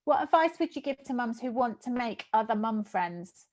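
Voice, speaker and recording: A woman's voice: on the high side, lively intonation, normal speed, darkish tone. A woman on an online panel giving friendly, encouraging advice to new mothers. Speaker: panelist, breastfeeding supporter. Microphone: video call.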